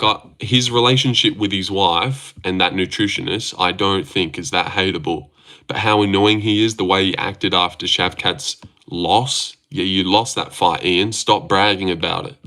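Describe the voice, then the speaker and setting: A man's voice: on the low side, a bit bright. A young man hosting a casual livestream, reading chat aloud and joking around with plenty of swearing. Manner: sweary, joking, laughs often.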